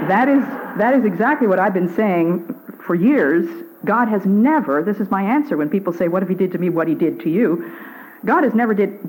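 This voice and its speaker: An older woman giving a devotional talk on the radio, earnest and measured, pausing to stress single words. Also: lowish voice, dark tone, poor audio. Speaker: Christian speaker.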